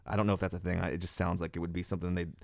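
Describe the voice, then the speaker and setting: A man hosting a casual comedy chat show, loud, rambling and mock-grumpy. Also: low voice, little pitch movement, very fast, creaky, no room sound, clean studio sound. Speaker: podcast host.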